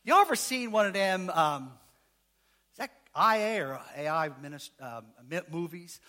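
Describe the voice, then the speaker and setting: A man's voice: high-pitched, big pitch swings, moderate pace, pushed and bright. A man preaching a sermon in church, joking and firing questions at the congregation. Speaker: pastor.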